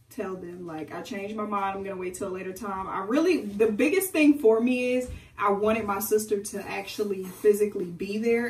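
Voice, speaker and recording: A woman's voice: mid-range voice, recorded from a distance. Chatty young woman in an echoey room. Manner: chatty, animated, addresses viewers directly. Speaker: beauty vlogger. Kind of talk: casual storytime chat during a hair tutorial. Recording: echoey room, away from the mic.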